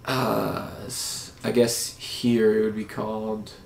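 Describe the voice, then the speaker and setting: A young man from Japan with a gravelly, fry-heavy voice, trading loose and profane banter as a podcast guest. The room rings back noticeably around him. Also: on the low side, completely flat delivery, slow, a little hiss or hum. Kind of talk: casual podcast chat. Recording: echoey room.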